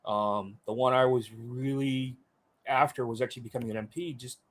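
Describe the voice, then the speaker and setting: Speaking at an ordinary pace with a steady, mid-range tone, this middle-aged man is a seasoned interview guest spinning casual stories. His voice is plain and everyday, and he rambles chattily, full of fillers, acting out others' words in quotes.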